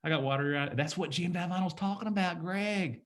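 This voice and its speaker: A man's voice: high voice, brisk, fairly bright tone. A man in his fifties giving an emphatic, preachy motivational talk, often asking "guess what?". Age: 50s. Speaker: motivational speaker.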